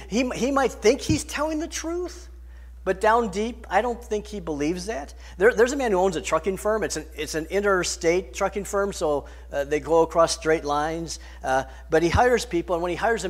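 A man preaching a sermon, emphatic, rising and falling in loudness and pace. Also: high voice. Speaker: pastor.

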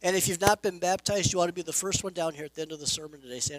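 A man preaching a sermon as pastor, emphatic, swelling loud and dropping soft. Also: on the high side, fairly even intonation, fast, no room sound, rough recording. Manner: emphatic preaching with rising and falling volume.

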